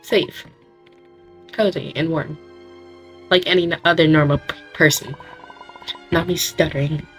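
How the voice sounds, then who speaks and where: Playing a horror game, this young woman offers let's play commentary in a low, scratchy voice that stays fairly even and bright. Her pace is measured with frequent pauses, her jokes are self-mocking and punctuated by giggles, and faint music sits behind her.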